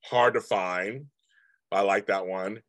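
A man's voice: sits low, fairly even intonation, takes it slowly, fairly bright tone, dry recording. A man in his fifties hosting a live stream, chatting casually and rambling as he answers comments from viewers. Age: 50s.

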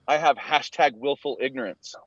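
A man's voice: medium pitch, normal speed, lo-fi sound, a little hiss or hum. A man co-hosting a podcast over a video call, chatting casually and laughing often, calling his friend bro. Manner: laid-back, laughs often, says bro a lot. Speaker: podcast co-host. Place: inside a car.

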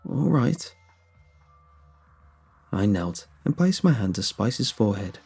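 A man reads a first-person horror story in a steady, measured voice. His tone is low, dark and husky. Faint music plays underneath the reading. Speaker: narrator. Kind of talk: scripted horror story narration.

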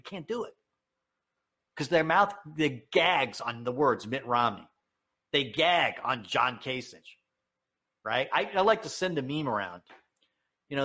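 A man giving an opinionated political rant, heated and sarcastic, with sudden high, emphatic outbursts. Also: fairly bright tone. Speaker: political commentator.

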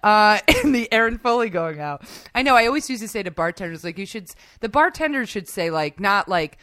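A woman co-hosting a podcast in casual chat, rambling and animated, often laughing. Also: medium pitch, a little fast, no echo. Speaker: podcast co-host.

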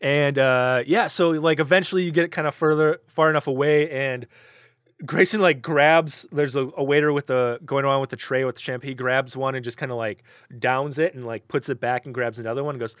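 A man's voice: medium pitch, fairly even intonation, brisk, fairly bright tone, clear, resonant tone, dry recording, studio quality. A man narrating as game master in a loose, rambling way full of casual fillers.

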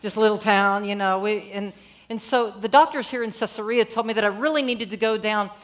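A woman preacher voicing a chatty woman griping to a teacher about twelve years of doctors, in a loud, gossipy way. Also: medium pitch, a little fast, lightly acted. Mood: chatty, exasperated.

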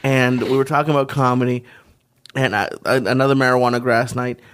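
A man's voice: medium pitch, fairly even intonation, a little fast, fairly bright tone. A young man co-hosting a podcast, telling a story in hesitant casual chat with lots of "like". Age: young adult. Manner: hesitant, loose storytelling full of "like". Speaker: podcast co-host.

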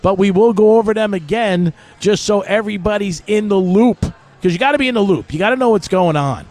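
A man's voice: high-pitched, brisk, darkish tone. A middle-aged man hosting sports betting talk radio, chatty and joking as he tells stories. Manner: chatty storytelling with jokes.

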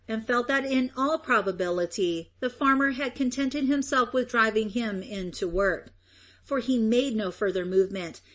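A woman reading a story aloud as narrator, in a measured, expressive way. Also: a little high. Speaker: audiobook narrator. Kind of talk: scripted narration.

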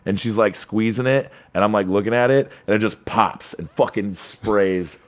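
A man co-hosting a podcast, telling a story in a casual, profane, animated way with lots of filler words. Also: fairly low pitch, moderate pace. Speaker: podcast co-host.

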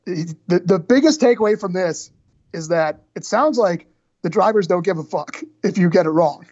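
A man's voice: high voice, normal speed, darkish tone, dry recording, highs cut off. An American man co-hosting a podcast, chatting casually and playfully. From United States. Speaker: podcast co-host. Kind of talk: casual chat.

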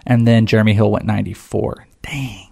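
A man's voice: fairly low pitch, fairly even intonation, a little fast, creaky, darkish tone. A man in casual, joking chat during a fantasy football draft, often slipping into goofy voices.

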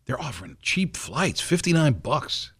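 A man's voice: a little high, big pitch swings, unhurried, fairly bright tone, breathy edge. A man hosting a radio show, chatting loosely and jokingly with plenty of fillers, on a studio microphone. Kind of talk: casual morning radio chat.

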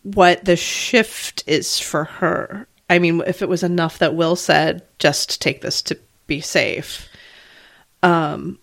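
A woman's voice: fairly low pitch, steady tone, takes it slowly, creaky, fairly bright tone. A woman in casual chat, thinking aloud in long rambling turns full of "like" fillers. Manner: rambling, analytical, many "like" fillers. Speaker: podcast co-host.

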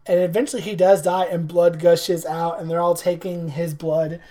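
On a podcast, a female co-host with a fairly low pitch chats casually at a moderate pace while recapping a horror movie. Her storytelling is animated, with frequent laughter and character impressions.

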